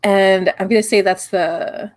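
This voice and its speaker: A woman's voice: medium pitch, steady tone, dry recording. A woman narrating as game master of a tabletop game, repeating words as she sets the scene. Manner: brisk, repeats words while framing the scene.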